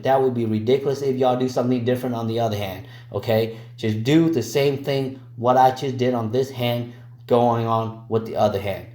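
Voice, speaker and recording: A man's voice: mid-range voice, mellow, reverberant. A man talking through a nail tutorial in a casual, slangy way, often calling viewers y'all and cracking teasing jokes. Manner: joking, teasing asides. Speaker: nail technician teaching.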